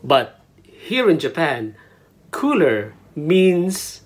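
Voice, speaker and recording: A Filipino man with a Filipino accent, chatting casually in a teaching vlog and repeating words slowly so viewers can practice saying them. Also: fairly high pitch, big pitch swings, slightly rough. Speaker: language vlogger.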